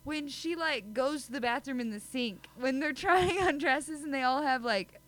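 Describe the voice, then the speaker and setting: A woman co-hosting a podcast chats in a high, fairly bright voice at a moderate pace. She's giggly, chatty and self-deprecating, poking fun at herself in casual conversation. The recording quality is low.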